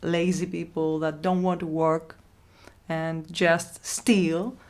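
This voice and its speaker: A woman ASMR host talking in a halting, heartfelt vlog, with a voice worn from illness and frequent restarts. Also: sits low, little pitch movement. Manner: halting, repeats herself, soft laughs. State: losing her voice from illness. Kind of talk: emotional casual vlog talk.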